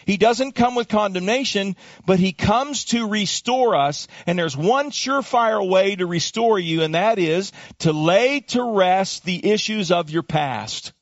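A man's voice: sits high, lively intonation, measured pace, hardly any pauses, dry recording, muffled recording. A male pastor preaching a sermon, dramatic, acting out voices and calling for congregation responses.

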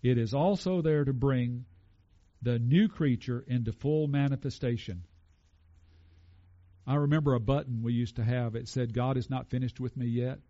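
A man's voice: mid-range voice, fairly even intonation, normal speed, warm tone, lo-fi sound. A man preaching a conversational sermon and asking his congregation questions. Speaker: pastor.

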